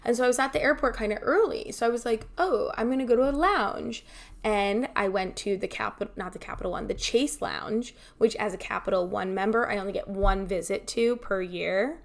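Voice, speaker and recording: Woman, podcast co-host, animated storyteller, mid-pitch, casual. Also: fairly quick, creaky, few pauses. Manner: animated storyteller, acts out quoted dialogue. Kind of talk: casual chat. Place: home, remote.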